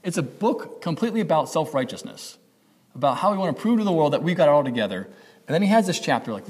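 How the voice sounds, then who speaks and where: In a fast, sing-song, slightly rough voice that sits on the high side, a man preaches a sermon as pastor, with a long reverb tail. His delivery is conversational; he corrects himself and acts out the inner voices people hear.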